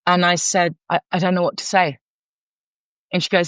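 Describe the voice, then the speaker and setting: This middle-aged North London counsellor has a lowish voice, a moderate pace, and long pauses, speaking with a London accent. She's a podcast guest telling a candid story in a frank, animated way, full of restarts. Recorded dry, with a dull lo-fi sound.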